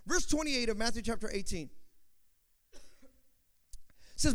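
A male pastor preaching a sermon, talking straight to the congregation and swinging from loud bursts to hushed asides. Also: high-pitched, expressive, slow pace, long pauses. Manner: talks to the congregation directly.

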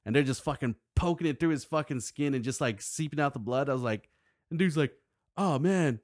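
A man's voice: medium pitch, fast talker, no echo, clean studio sound. A man co-hosting a casual podcast, telling profane stories and acting out quotes. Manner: profane storytelling, acts out quotes. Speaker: podcast co-host. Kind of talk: casual chat.

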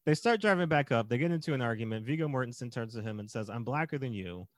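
Animated man retelling a film. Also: medium pitch, fast, no room sound. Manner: animated, acts out scenes, laughs often. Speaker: podcast co-host. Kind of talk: casual film critique chat.

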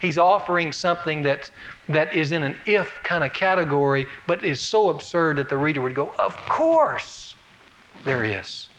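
A male pastor preaching a sermon in a conversational way, asking rhetorical questions and swinging between raised and lowered emphasis. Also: fairly quick, fairly bright tone, low-quality recording.

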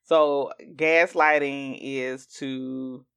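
A woman hosting a podcast in casual chat, animated and acting out what other people say. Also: extremely slow, clean tone. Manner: animated, acts out quoted speech in jumps of pitch. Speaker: podcast host.

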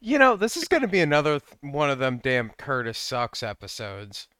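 A man's voice: medium pitch, wildly swooping pitch, normal speed, sharp tone. A man co-hosting a podcast, easygoing and teasing in casual chat. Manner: easygoing, teasing, laughs along. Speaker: podcast co-host.

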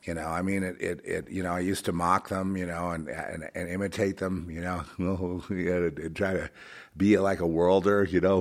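A man delivering a rambling religious monologue, swinging between fervent outbursts and quiet, halting asides full of restarts. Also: low voice, little pitch movement. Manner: many restarts and fillers, conversational.

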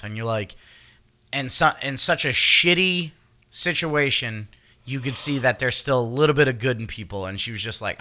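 A man recapping a TV series in casual chat, animated and swearing freely while acting out reactions. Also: mid-range voice, moderate pace. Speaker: podcast co-host.

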